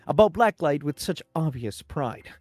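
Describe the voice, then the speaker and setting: A man reads a book aloud in a relaxed ASMR manner, his voice a little higher than most men's. He jokes and giggles between passages, with faint music playing behind him. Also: normal speed, no room sound. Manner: laid-back reading, giggly and joking between passages. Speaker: guest co-reader.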